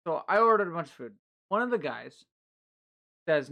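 A man's voice: on the high side, normal speed, vocal fry. A man hosting a casual podcast, telling stories with lots of swearing and acted-out quotes. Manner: animated, heavy swearing, acts out quotes. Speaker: podcast host.

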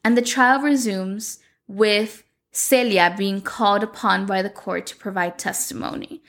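Woman, native Spanish speaker, casual recap vlog, fry-heavy voice, lots of "like". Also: medium pitch, a bit bright. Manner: chatty, lots of "like", opinionated asides. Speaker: vlogger recapping a telenovela.

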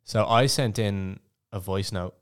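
Young Irish bloke, podcast co-host, low voice, laughs easily while telling stories. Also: male voice, unhurried, clean tone. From Ireland. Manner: laughing, swearing, storytelling. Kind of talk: casual chat.

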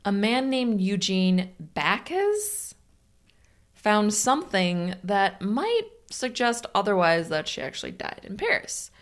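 A woman's voice: medium pitch, sing-song, takes it slowly. Woman podcast co-host, casual storyteller, laughs a lot, reads from notes. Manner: laughs often, reads facts aloud. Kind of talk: casual chat, reading a story.

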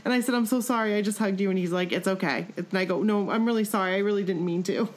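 A woman's voice: mid-range voice, fast talker. Flustered, rambling woman telling a story. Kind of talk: casual chat.

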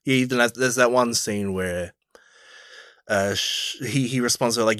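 A man's voice: mid-range voice, normal speed, fairly bright tone, clear, resonant tone, no room sound, studio quality. An Australian man co-hosting a film podcast, talking in a laid-back, agreeable way and chuckling between points. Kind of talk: casual film review chat.

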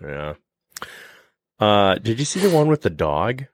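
A man co-hosting a casual podcast chat, rambling and joking in an animated way. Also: on the low side, measured pace, a little hiss or hum. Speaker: podcast co-host.

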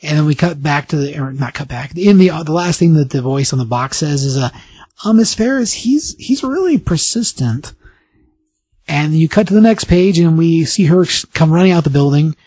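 Podcast host, male, slightly high, husky; animated casual recap, dry close sound. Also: no room sound. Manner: animated storytelling, acting out dialogue in quick voices. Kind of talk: casual comic book recap.

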